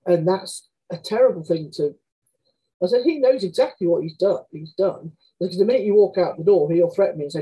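A woman's voice: fairly low pitch, brisk, mellow, husky, rough recording. A woman, an author telling candid stories in conversation, chatty and frank, often acting out quoted dialogue. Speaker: author guest.

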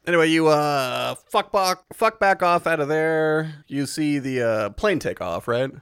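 Lively, profane podcast man. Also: fairly high pitch, unhurried, smooth, no room sound, clean studio sound. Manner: animated and profane, laughs often. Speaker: podcast co-host. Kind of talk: casual chat recapping a video game.

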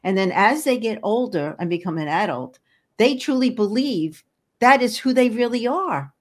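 A podcast guest who practices energy healing and hypnotherapy talks in an interview with an expressive, rather high voice at a moderate pace. She is earnest and encouraging, with frequent restarts.

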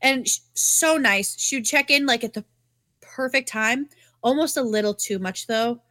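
A young woman, co-hosting a podcast and telling stories in casual chat, swearing freely and animated. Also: a little high, moderate pace, dry recording. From New England. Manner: animated, swearing storyteller with many fillers. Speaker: podcast co-host.

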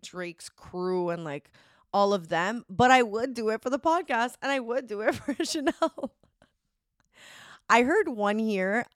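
A woman's voice: medium pitch, dry recording, clean studio sound. A young woman hosting a solo podcast, telling a dramatic story in a chatty, casual way, swearing freely and laughing often. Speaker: podcast host.

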